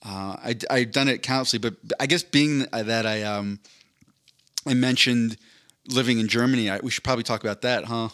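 A man's voice: medium pitch, normal speed, sharp tone. Rambling man telling a story. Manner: rambling storyteller, lots of fillers and asides. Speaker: podcast co-host. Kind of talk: casual chat.

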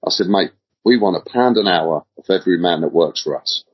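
This podcast guest, a middle-aged Englishman, has a deep, slightly rough voice and sounds animated, talking a little fast. The casual storytelling interview finds him rambling, using slang, and repeating words, all captured in dull lo-fi sound.

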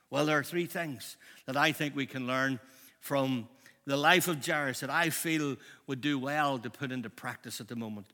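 A man, preaching a sermon as a pastor, impassioned and shifting between loud and hushed. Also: medium pitch, moderate pace. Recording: long hall reverb.

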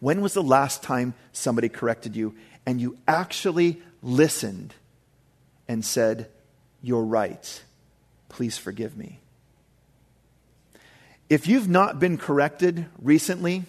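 A middle-aged man preaching a sermon as pastor, casual and conversational, with frequent asides to the congregation. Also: mid-range voice.

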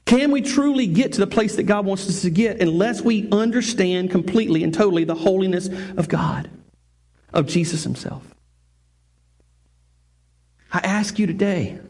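Pastor guy with a high voice, preaching, keeps restarting and repeating himself. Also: moderate pace, darkish tone. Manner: earnest, repeats phrases and restarts, rising and falling emphasis. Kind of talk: sermon.

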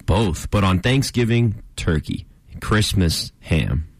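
A man's voice: low-pitched, lively intonation, slow pace, no room sound. A young man co-hosting a radio sports show, trading dry teasing jabs. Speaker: co-host. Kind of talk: casual sports chat.

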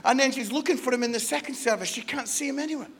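A man preaching a passionate sermon as a guest speaker, dropping to near-whispers and then rising to shouts. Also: very high voice, rapid-fire, husky. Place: church service.

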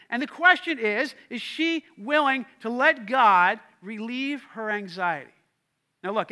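A man's voice: very high voice, pushed and bright. A male pastor delivering a sermon in an emphatic preaching manner, repeating key lines and calling on the congregation to respond.

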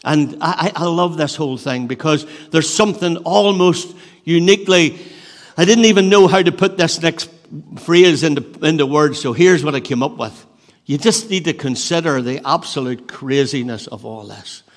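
A man preaching a sermon in an earnest way, building emphasis and then dropping to a hush, often restarting his phrases. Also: on the high side, moderate pace. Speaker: pastor. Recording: long hall reverb.

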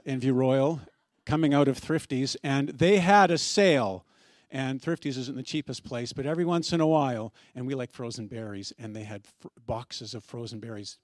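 Middle-aged male pastor, mid-range voice, relaxed storytelling sermon with light humor, dry recording. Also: medium pitch, dry recording. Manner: conversational storytelling with gentle humor.

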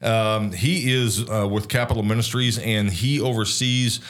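A man with a fairly low voice co-hosts a casual faith-based podcast. He feels his way through his points, stopping often to restart a phrase or fill a pause. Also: steady tone, fairly bright tone. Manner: hesitant, many restarts and fillers. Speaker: podcast co-host.

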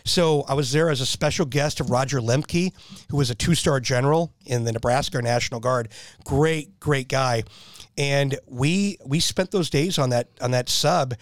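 A man telling animated stories in a casual chat and laughing at his own jokes. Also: medium pitch, moderate pace, no room sound, clean studio sound.

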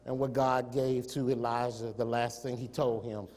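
A man preaching a sermon, firing rhetorical questions at the congregation, swelling to emphatic peaks and then dropping to quiet asides. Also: medium pitch, level tone, moderate pace. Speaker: pastor. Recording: long hall reverb.

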